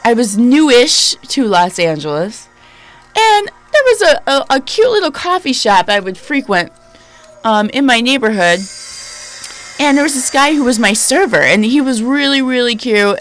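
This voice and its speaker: A woman in her thirties hosting a podcast, telling stories casually in a deliberately lowered, spooky voice, chatty and emphatic with lots of fillers. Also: fairly bright tone, low-quality recording. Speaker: podcast host. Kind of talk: casual storytelling.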